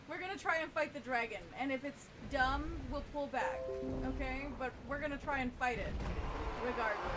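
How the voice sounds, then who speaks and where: A woman's voice: sits high, moderate pace, pauses often, over music. A woman streaming a game, chatting casually and laughing often. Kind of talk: casual chat while playing.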